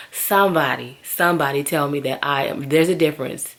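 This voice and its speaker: A woman, telling stories to camera in a lively, gossipy way and calling her viewers "girl". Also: sits low, brisk, hardly any pauses. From Southern US. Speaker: vlogger. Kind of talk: casual chatty storytelling to camera.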